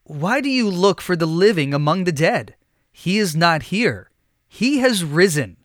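A man voicing a calm, solemn male angel in a Bible storybook, speaking in a measured way. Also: sits high, dry recording, clean studio sound, exaggerated voice.

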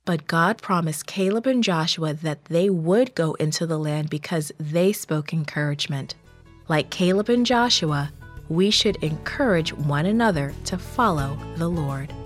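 Woman narrator, slow and measured, lowish voice, dry close sound. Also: animated, soft background music. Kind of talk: scripted storybook narration.

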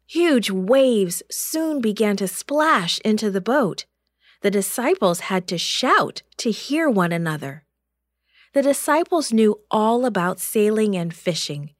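Slow soft-spoken lady reading a kids story, expressive, dry close sound. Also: mid-range voice, no echo. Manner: expressive, gentle storytelling with dramatic lifts. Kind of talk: children's story narration.

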